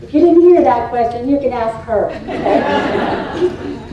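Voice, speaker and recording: A high-voiced woman in her sixties from Indiana speaks slowly as she gives a folksy, playful and confiding storytelling keynote, tossing teasing asides to a live audience in a meeting room. Captured by a distant mic in a roomy hall, the audio has its highs cut off and a noisy background.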